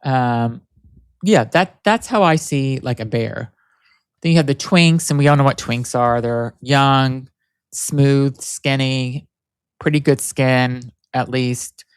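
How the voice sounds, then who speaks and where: A man with a mid-range, clear and resonant voice, not very masculine, hosts his own casual solo podcast. He speaks slowly and rambles with lots of fillers and restarts, captured in clean studio sound with no echo.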